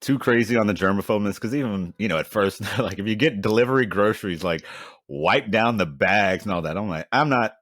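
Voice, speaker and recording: A man's voice: on the low side, fairly quick, a bit bright, dry recording, clean studio sound. Laid-back man. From Houston, Texas. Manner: laid-back, slangy, laughs between thoughts. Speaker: podcast co-host. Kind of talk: casual chat.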